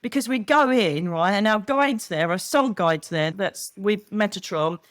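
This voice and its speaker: A woman's voice: medium pitch, measured pace, dry recording, studio quality. A middle-aged woman chatting as an interview guest, telling stories animatedly and acting out quoted voices. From United Kingdom. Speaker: guest, psychic medium. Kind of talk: casual chat.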